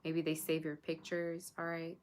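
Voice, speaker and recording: A woman's voice: deep voice, completely flat delivery, moderate pace, slight background noise. A woman doing a live tarot reading, chatting casually with her viewers. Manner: chatty, talks to viewers and chat. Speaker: tarot reader.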